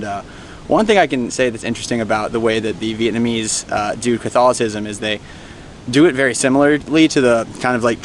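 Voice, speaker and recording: A man's voice: medium pitch, a little hiss or hum. A young American man vlogging in a chatty, rambling, self-mocking way while out of breath outdoors. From United States. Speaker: travel vlogger. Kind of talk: casual travel vlog. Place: outdoors on a hot hillside in a coastal town.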